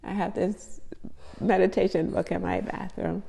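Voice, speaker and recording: A woman's voice: lowish voice, level tone, normal speed, vocal fry, warm tone, breathy edge, in a large hall. A woman talking to her viewers in a casual faith vlog, effusive and emotional, repeating phrases for emphasis. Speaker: faith vlogger.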